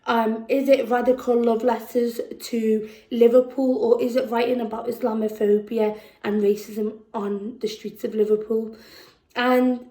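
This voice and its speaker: A woman with a Scouse accent performing spoken word poetry at a festival, slow and measured, dropping to a hush on heavy lines. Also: fairly high pitch, flat delivery, echoey room, low-quality recording. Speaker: poet. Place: festival venue indoors.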